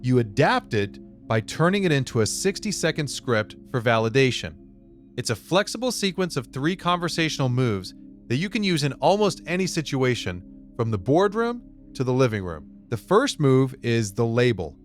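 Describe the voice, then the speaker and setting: Guy doing scripted self-help narration, voice swings up and down a lot, slow deliberate pauses, soft music under it. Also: medium pitch, big pitch swings.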